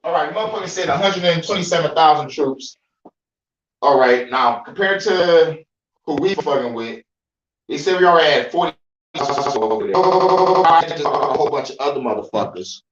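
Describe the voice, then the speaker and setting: A man's voice: a little high, lively intonation, normal speed, reverberant, highs cut off. A young man hosting a podcast, reading news aloud in a casual, profane way, often breaking off to joke and laugh and stumbling over names. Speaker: podcast host.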